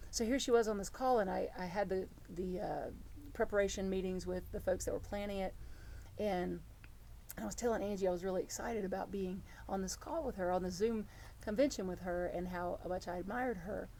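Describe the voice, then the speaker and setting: A middle-aged woman preaching a sermon as reverend, telling stories in an earnest, animated way. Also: mid-range voice, a little hiss or hum. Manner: storytelling, earnest and animated, with many restarts.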